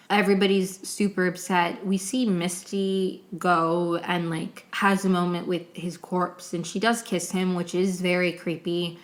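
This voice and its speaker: Emotional, rambling young woman podcaster. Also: fairly low pitch. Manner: emotional, rambling, tearful at times, many "like"s and restarts. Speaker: podcast host. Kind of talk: casual solo recap.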